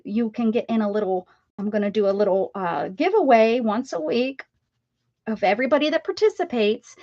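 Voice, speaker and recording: A chatty American woman hosts a craft livestream, talking in a somewhat high voice and greeting her viewers with playful sing-song repeats. The sound is dry and a little dull, with a slightly lo-fi feel. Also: dry recording. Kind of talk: casual chat with live chat readers.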